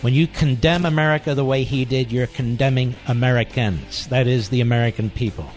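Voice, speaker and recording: A man's voice: mid-range voice, brisk, music in the background. Emphatic man hosting talk radio. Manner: indignant, repetitive, emphatic. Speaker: radio talk show host. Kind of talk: political talk radio monologue.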